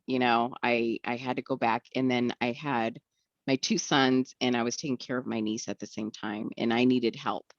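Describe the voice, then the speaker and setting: Woman with a really deep voice telling her story, earnest and reflective, dry kinda dull audio. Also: fairly even intonation, normal speed, dry recording. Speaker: guest. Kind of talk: candid personal recovery story.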